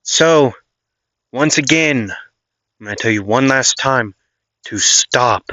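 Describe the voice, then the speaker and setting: A man voicing an earnest, calm teenage boy hero who speaks firmly and steadily, in a dull lo-fi recording. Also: medium pitch, takes it slowly, no room sound.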